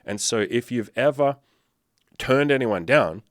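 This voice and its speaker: A man's voice: mid-range voice, expressive, a little slow, dry recording, clean studio sound. Blunt, swearing man coaching on dating. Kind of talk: casual commentary to camera.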